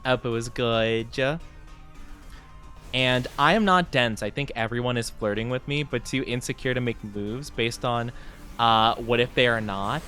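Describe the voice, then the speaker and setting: A young man chatting casually on a live stream, rambling and self-deprecating, often jumping into high squeals. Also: unhurried, bright, forceful tone, faint music behind.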